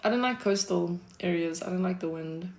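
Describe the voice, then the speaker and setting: On a livestream, a South African woman with a lowish voice answers her chat at an ordinary pace. She's laid-back, laughs frequently and swears casually.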